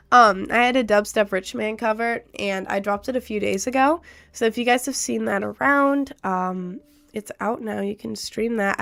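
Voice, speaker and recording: A woman's voice: fairly high pitch, vocal fry. Congested, nasal young woman streamer. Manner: chatty, with many fillers like "um" and "like". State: congested after a cold. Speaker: livestreamer and musician. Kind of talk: casual livestream chat, reading viewer comments aloud.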